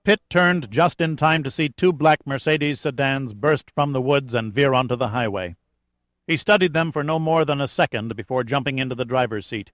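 A man giving steady scripted narration of a thriller audiobook. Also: medium pitch, no room sound. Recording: dull lo-fi dry recording.

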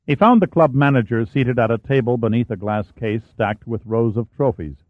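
A man reading an audiobook chapter in a steady, measured narration. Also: mid-range voice, no room sound. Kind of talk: scripted narration. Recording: dry, tinny phone-like sound.

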